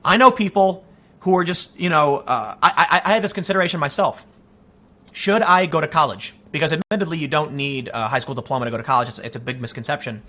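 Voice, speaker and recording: Male host, 30s, animated storyteller; bright, fairly high voice for an off-the-cuff opinion monologue. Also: fast. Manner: animated, storytelling with quoted asides and restarts. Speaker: political commentator host.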